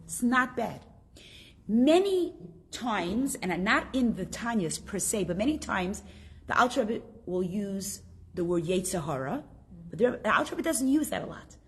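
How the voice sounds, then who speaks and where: Lively woman teaching a class. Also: mid-range voice, a little slow. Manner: lively, asks the class questions.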